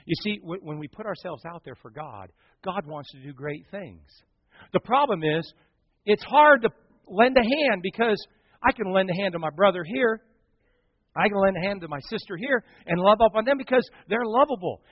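A man, a pastor, preaching a sermon and telling a story, acting out the voices of the people in it, swinging from hushed to loud. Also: high-pitched, animated, moderate pace, slightly rough, no room sound, dull audio.

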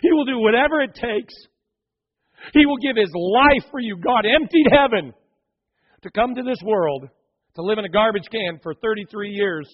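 A middle-aged man preaching a sermon, telling stories dramatically and swinging from hushed tones to loud, fervent appeals. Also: high voice, expressive, moderate pace. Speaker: pastor. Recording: dull lo-fi recording.

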